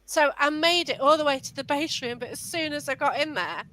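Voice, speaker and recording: A woman's voice: sits high, lively intonation, fairly quick, bright, forceful tone, poor audio. A woman in a casual paranormal chat, recounting an investigation and reacting with short exclamations.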